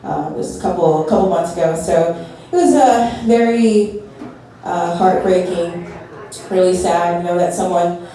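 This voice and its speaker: A woman's voice: fairly low pitch, mellow. A young woman doing a stand-up set, nervous and self-deprecating, laughing between jokes. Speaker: stand-up comedian. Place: comedy venue with a live audience. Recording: echoey room from far off, audience noise.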